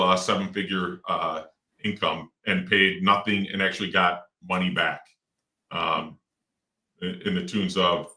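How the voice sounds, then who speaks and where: A middle-aged real estate investor talks in a loose, rambling way, full of fillers and false starts. His voice sits low but sounds bright and forceful. The mic is far from him, in a roomy, echoing space. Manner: rambling, with many fillers and restarts. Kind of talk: casual interview talk. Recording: roomy echo, distant mic.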